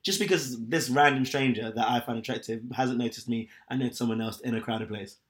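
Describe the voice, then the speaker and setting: A man's voice: medium pitch, fairly quick, a bit bright. A young man chatting candidly and at length, rambling with lots of fillers. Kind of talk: casual chat.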